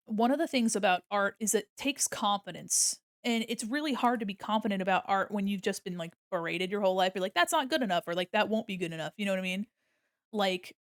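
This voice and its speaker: A young woman art streamer chats casually while drawing on a live stream, rambling, laughing often and swearing freely. Her mid-range voice comes through with studio quality and no room sound.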